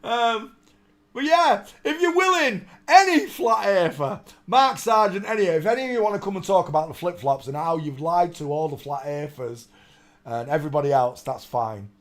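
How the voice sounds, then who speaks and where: Brief: male streamer, higher-pitched, rambling and sarcastic, laughs a lot. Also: expressive, brisk. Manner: rambling, mocking, bursts into laughter. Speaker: live stream host. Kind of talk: casual live-stream commentary.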